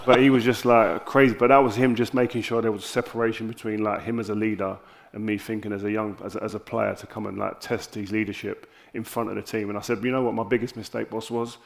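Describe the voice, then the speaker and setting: South london guy, low gravelly voice, tells stories loud and animated, acts out the dialogue. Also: fast talker, few pauses. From South London, England. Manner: animated anecdotes with lively quoted dialogue. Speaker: interview guest. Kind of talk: candid storytelling on stage.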